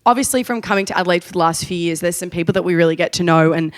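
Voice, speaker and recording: A woman's voice: on the low side, very fast. An Australian woman co-hosting a podcast, telling stories in a casual chat and acting out what people said. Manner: animated storytelling, acting out quotes. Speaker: podcast co-host.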